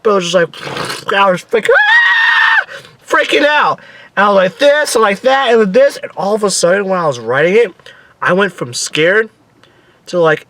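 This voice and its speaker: Young male vlogger, excitable storyteller, lively and fairly high voice. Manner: excitable, animated, swears casually, acts out his own screams. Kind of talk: casual storytelling.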